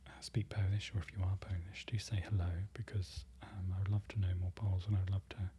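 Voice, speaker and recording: A man with a low, mellow voice speaks in a hushed ASMR manner, often sliding into a whisper. He repeats foreign phrases slowly and carefully, pausing to correct himself. The tone stays gentle and unhurried, with a quiet hiss underneath. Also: little pitch movement. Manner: self-correcting, apologetic learner. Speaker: ASMR creator learning a language.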